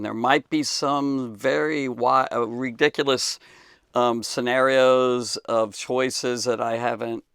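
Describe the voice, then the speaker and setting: Gravelly male Bible teacher, dry close sound, emphatic off-the-cuff answer full of fillers. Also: mid-range voice, a bit bright, no echo. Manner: emphatic, halting with many fillers and restarts. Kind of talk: unscripted talk to camera.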